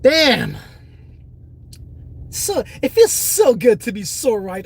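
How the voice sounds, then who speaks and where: A man's voice: extremely high pitch, very animated, slow pace, slightly rough. A man hosting a casual crypto livestream, reading viewer comments in a boastful, profane, rambling way.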